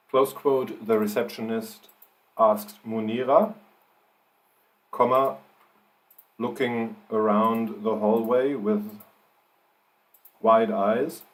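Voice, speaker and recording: Man, fairly low voice, very unhurried, dictates punctuation aloud, writer on a live stream. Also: fairly even intonation, poor audio. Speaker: fiction writer streaming his writing.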